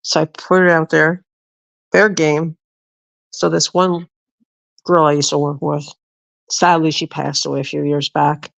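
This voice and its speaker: A woman's voice: deep voice, flat delivery, measured pace, creaky, pauses often, dry recording, poor audio. A middle-aged woman hosting a livestream, telling a rambling story casually to her viewers, swearing freely and often restarting her sentences. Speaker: livestream host.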